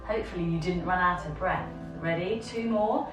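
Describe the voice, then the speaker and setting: Female kids yoga teacher, encouraging guide, slightly low voice, distant echoey room sound. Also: moderate pace, music in the background. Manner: encouraging, guiding children step by step. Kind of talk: online kids yoga lesson.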